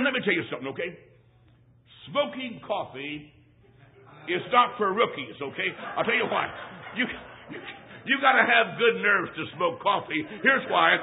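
A man preaching a sermon, telling a folksy story from his boyhood in an emphatic way and repeating phrases for effect. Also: high-pitched. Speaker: traveling preacher. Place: church. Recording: tinny phone-like recording.

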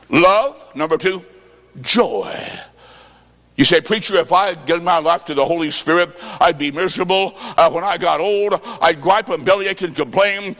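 A man from the American Midwest preaches a fervent revival sermon in a high, ringing voice, breaking into shouted bursts and telling stories through quoted back-and-forth dialogue. The long reverb of a large hall trails every phrase.

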